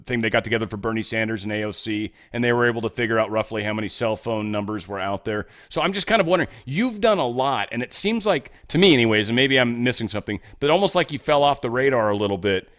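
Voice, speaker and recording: Host, male: quick, casual, rambling questioner. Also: medium pitch, expressive, fairly bright tone. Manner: loose, rambling questions full of fillers. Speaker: podcast host. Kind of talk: casual interview.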